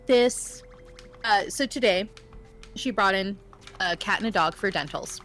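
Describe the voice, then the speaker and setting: A woman telling a long, casual story about her day at work. Her voice sits at an ordinary middle pitch. She rambles with fillers and restarts, and she jumps higher when she quotes people. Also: measured pace, fairly bright tone, faint music behind. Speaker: guest on stream; veterinary clinic receptionist.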